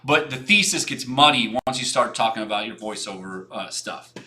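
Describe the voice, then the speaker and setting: A man's voice: mid-range voice, brisk, sharp tone, faint music behind. A young man hosting a design livestream, giving frank, rambling portfolio feedback with many restarts and some casual swearing.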